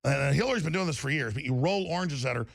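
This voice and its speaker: Gravelly ranting talk radio man. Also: a little high, expressive, rapid-fire, no room sound. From Texas. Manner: ranting, emphatic, repetitive restarts. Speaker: radio talk show host. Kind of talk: political talk radio monologue.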